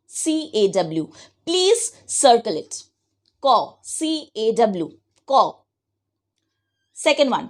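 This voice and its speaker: Slow, high-voiced teacher. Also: female voice. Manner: slow, patient dictation, spelling words letter by letter. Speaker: schoolteacher. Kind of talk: online class lesson. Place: home.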